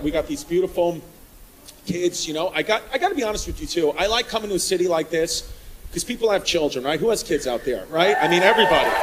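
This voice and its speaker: A man doing a stand-up set in a comedy club, riffing loudly with the crowd and working the room. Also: high voice. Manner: loud, riffing, crowd work. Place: comedy club with live audience. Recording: live club recording with crowd noise.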